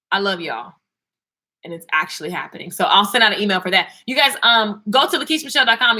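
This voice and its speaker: Animated high-voiced woman giving a pep talk. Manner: animated and preachy, quick asides and laughs. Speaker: vlogger and singer. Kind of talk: casual inspirational talk to viewers.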